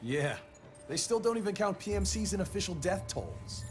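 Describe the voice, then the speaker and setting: A wry soldier who teases his comrades, his voice a little higher than most men's. Clear game music sits behind him. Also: big pitch swings, normal speed. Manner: wry, teasing.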